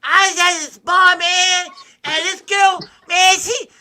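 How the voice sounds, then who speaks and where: A breathless, whiny teenage boy from an old teen comedy, swooning over a girl, as a man puts him on. The voice squeaks very high and sounds bright and sharp. The delivery tumbles out in an eager rush. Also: little pitch movement, slow, exaggerated voice. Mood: gushing. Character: excitable young male movie teen gushing over a girl. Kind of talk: movie character impression.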